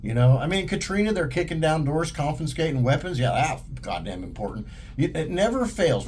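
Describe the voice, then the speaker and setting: A man's voice: medium pitch, a little mellow, a little hiss or hum. A man delivering a heated, profane monologue in a blunt, ranting manner. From United States. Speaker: vlogger. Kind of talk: monologue to camera.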